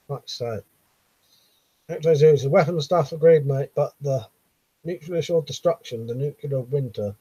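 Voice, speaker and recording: A man's voice: medium pitch, darkish tone, husky, no room sound, poor audio. A man with a Southern English accent hosting a casual live stream, reading viewers' comments aloud with frequent laughs and casual swearing. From Buckinghamshire, England.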